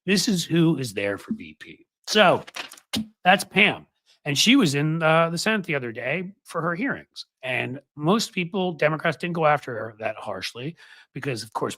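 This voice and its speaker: A man talking politics in a loose, sarcastic way, tossing in mocking asides. His voice is bright and a little husky. He swoops up and down in pitch as he rants into a dry-sounding mic. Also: dry recording. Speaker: political commentary host. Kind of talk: casual political commentary.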